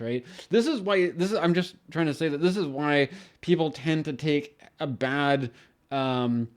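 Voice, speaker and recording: A man hosting an astrology channel, talking in a casual rambling monologue with many restarts and casual swearing. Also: on the high side.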